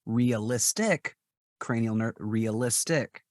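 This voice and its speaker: A man talking as a guest in a casual podcast interview, chatty and verbose, telling stories in an animated way. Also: mid-range voice, slow, no room sound, clean studio sound. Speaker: guest, ASMR artist and actor.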